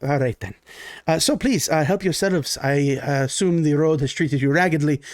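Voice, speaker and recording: A man's voice: a little high, moderate pace, dry recording, clean studio sound, natural voice. A man voicing a gracious, refined male baron who hosts guests courteously, speaking formally and often ending with "eh?". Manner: formal, polite, ends lines with "eh?".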